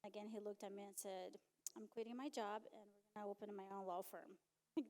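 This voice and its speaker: A middle-aged woman giving a personal testimony at a conference, telling her story with animated back-and-forth dialogue. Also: mid-range voice, fairly quick. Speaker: conference speaker.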